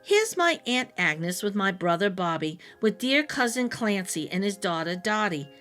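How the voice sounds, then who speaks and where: Woman reading as a gentle, lonely old lady. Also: medium pitch, very animated, moderate pace, soft background music, voice pushed down. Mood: fond. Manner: gentle, soft-spoken, comforting. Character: kind, lonely old woman sharing her home. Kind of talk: read-aloud storybook voice.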